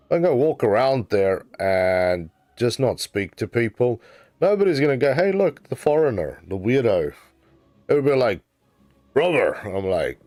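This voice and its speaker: A man with a deep, low voice hosts a relaxed gaming livestream, talking to his viewers and laughing along the way. His sound is close and dry, with no room echo, and faint game music plays behind him. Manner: chatty, answers viewers, laughs easily. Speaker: livestream host. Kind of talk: casual gaming livestream chat.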